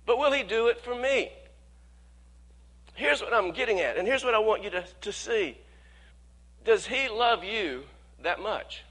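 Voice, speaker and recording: Male pastor, high bright voice, folksy sermon delivery with stammered restarts. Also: lively intonation. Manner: conversational preaching with frequent repeated words and quick laughs; speeds up when quoting worried people, slows to stress key words.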